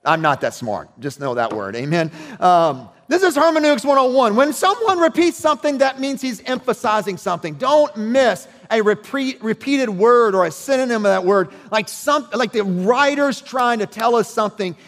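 A man's voice: very high voice, big pitch swings, moderate pace, hardly any pauses, long reverb tail. A man preaching a sermon as pastor, talking conversationally and checking in with his listeners.

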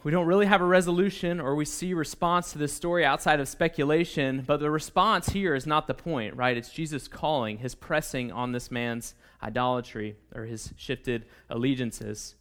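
A man's voice: fairly high pitch, normal speed, hardly any pauses, a bit bright, clear, resonant tone. A man preaching a sermon in a conversational way, checking in with the listeners often. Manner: conversational, with frequent "okay?" and "right?".

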